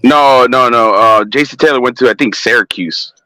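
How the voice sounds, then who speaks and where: A man's voice: mid-range voice, normal speed, bright, forceful tone, dry recording, rough recording. A man calling in to a sports chat, laid-back and a little hesitant, teasing his friends. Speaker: caller. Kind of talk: casual call-in sports chat.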